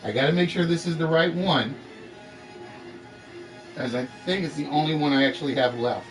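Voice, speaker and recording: A man's voice: on the high side, moderate pace, faint music behind. A man hosting an online game show, chatting casually with viewers and often correcting himself as he talks. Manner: rambling, self-correcting, talking to chat. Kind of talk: casual live-stream chat.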